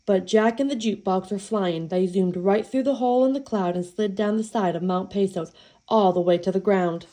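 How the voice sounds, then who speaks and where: Woman storyteller, mellow tone, folksy playful read-aloud of a children's tale. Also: mid-range voice, normal speed.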